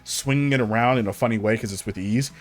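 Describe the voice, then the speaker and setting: A man's voice: mid-range voice, fast talker, faint music behind. A man narrating a fan-made story in a casual, rambling, conversational way. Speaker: channel narrator.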